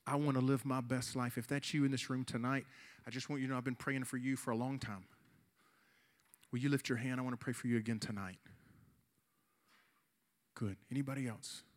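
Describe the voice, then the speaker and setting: A youth pastor in his forties delivers an earnest sermon ending in an altar call, pleading with the room and slowing down for emphasis. His voice sits at a medium pitch with fairly even intonation.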